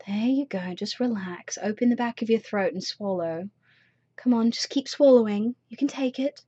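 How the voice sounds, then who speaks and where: A woman's voice: medium pitch, normal speed, mellow, slightly rough, dry recording. A woman in an adult audio role-play, talking in a teasing, coaxing and soothing manner, close to the mic. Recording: slightly dull lo-fi recording.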